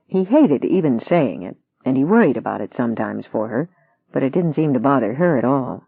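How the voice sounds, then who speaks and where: A narrator reading a novel aloud in an even, measured way. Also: mid-range voice, gravelly, slightly rough, dry recording. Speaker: audiobook narrator. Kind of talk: scripted narration. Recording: dry tinny phone-like sound.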